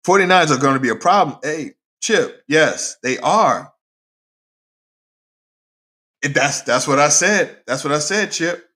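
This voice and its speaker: A man hosting a casual sports talk show, talking in an animated way and answering viewers by name. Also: on the high side, unhurried, long pauses. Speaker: podcast host. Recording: roomy echoey room.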